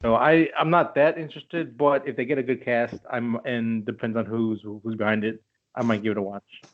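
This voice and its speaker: A man's voice: medium pitch, fairly even intonation, moderate pace. A man co-hosting a casual chat show, loose and joking, swearing freely. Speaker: podcast co-host. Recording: dull lo-fi audio.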